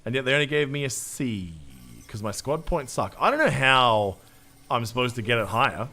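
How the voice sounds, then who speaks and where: A man's voice: mid-range voice, moderate pace, pushed and bright. An Australian man streaming a game, chatting casually with his viewers in a jokey, self-mocking way and swearing freely. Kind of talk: live gameplay commentary, reading chat.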